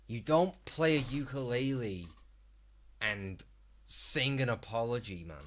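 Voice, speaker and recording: A man's voice: mid-range voice, unhurried, a bit bright, a little hiss or hum. A man live-streaming, reacting to a video with exasperated, sweary ranting.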